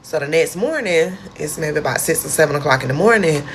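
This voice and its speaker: A woman narrating a personal storytime, animated and dramatic, acting out the quoted outbursts. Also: low-pitched, brisk, noisy background.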